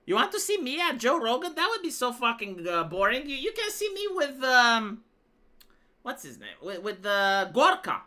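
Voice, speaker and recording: A woman's voice: a little high, big pitch swings, normal speed, bright, forceful tone. A woman live streamer telling a rambling, profane story in casual chat, full of fillers and restarts. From Romania.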